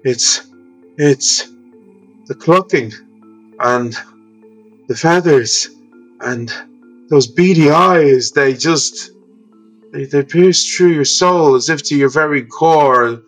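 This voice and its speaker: A man's voice: mid-range voice, lively intonation, normal speed, fairly bright tone, breathy edge, soft background music, low-quality recording. An Irish man voicing a terrified, fussy male lumberjack who stammers out breathless apologies in a tabletop game.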